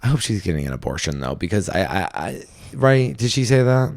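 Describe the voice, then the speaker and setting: A man's voice: lowish voice, big pitch swings, a little fast, creaky, no room sound, studio quality. A young man hosting a comedy podcast, giving blunt, teasing advice in casual chat with bursts of laughter. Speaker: podcast host, stand-up comedian.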